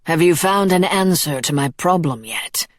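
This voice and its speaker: Woman doing a cold male monster lord, low voice, slow quiet menace, dry close recording. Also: animated, no room sound. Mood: menacing calm. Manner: slow, quiet, coolly polite.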